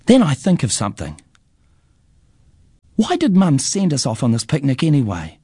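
Man, first-person storybook narration, measured and expressive, dry close mic. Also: a little high, breathy edge, no room sound.

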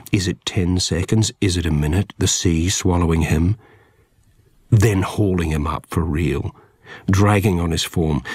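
Man narrating a novel, very low husky voice, measured and quiet. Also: dry recording, clean studio sound. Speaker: audiobook narrator. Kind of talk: scripted first-person narration.

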